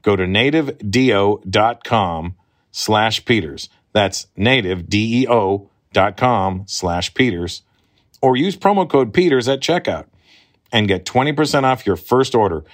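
A man hosting a podcast, reading a sponsor ad in a steady, upbeat way with small asides. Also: fairly low pitch, unhurried. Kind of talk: ad read.

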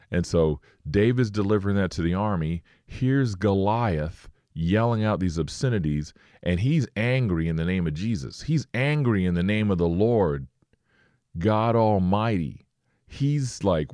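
Deep-voiced preacher reading scripture. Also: male voice, expressive, a little slow, mellow, no room sound, clean studio sound.

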